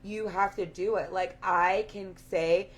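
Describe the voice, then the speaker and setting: A woman with a raspy voice giving an earnest, affirming spiritual talk to her viewers, repeating her points. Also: medium pitch, fairly even intonation, measured pace, slight background noise. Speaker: spiritual live-stream host.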